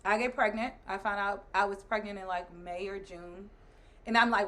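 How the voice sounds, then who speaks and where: A woman in her thirties, the host's wife appearing as a guest, tells a story in relaxed conversation. She's lively and laughs while acting out what other people said, with a mid-range voice at a normal speed.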